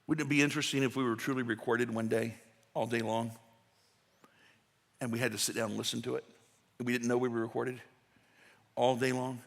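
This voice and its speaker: A man's voice: medium pitch, flat delivery, fairly quick, gravelly, long pauses. A man preaching a conversational sermon as pastor, folksy and full of asides and restarts. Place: church sanctuary. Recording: long church hall reverb.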